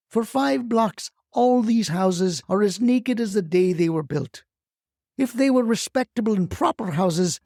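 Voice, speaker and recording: A woman's voice: mid-range voice, creaky, warm tone, no echo, studio quality. A performer voicing a feisty retired grandmother who rants bluntly and swears as a crusader for solar panels. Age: older. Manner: brash, scolding, blunt swearing. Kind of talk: comic audio storytelling.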